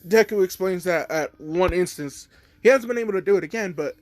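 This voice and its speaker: A man's voice: high-pitched, fairly quick, no room sound. A man casually retelling a fan story, rambling with lots of fillers.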